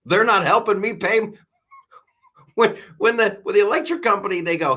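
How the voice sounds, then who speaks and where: Male comedy show host, sarcastic exasperated rant, bright forceful tone. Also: high-pitched, husky. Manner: exasperated, sarcastic, fast restarts. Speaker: comedian host of a live news talk show. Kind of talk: ranting comedic commentary.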